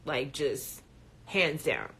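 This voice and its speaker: A woman hosting a live chat show, talking in an animated, frank way and swearing casually. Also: deep voice, extremely slow, creaky, slightly rough. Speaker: host.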